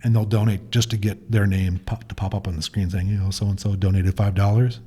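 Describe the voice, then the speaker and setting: A man's voice: fairly low pitch, level tone, fairly quick, warm tone, husky. A man talking as a podcast guest in casual chat, explaining things at length in a matter-of-fact way.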